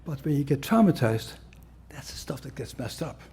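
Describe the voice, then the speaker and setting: A man's voice: medium pitch, lively intonation, moderate pace, gravelly, darkish tone. A man giving a conference lecture as a psychiatrist, blunt and conversational with a wry humor.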